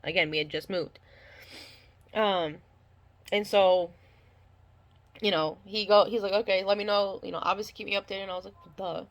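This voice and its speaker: A woman's voice: mid-range voice, fairly even intonation, moderate pace, pauses often, muffled recording. A young woman casually telling her birth story, rambling with many fillers and restarts and acting out the dialogue.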